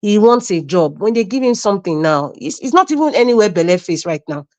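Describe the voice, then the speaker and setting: A woman's voice: medium pitch, brisk, lo-fi sound. A woman giving emphatic political commentary as a panel guest on a live stream. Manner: emphatic, animated, mimics others mid-speech.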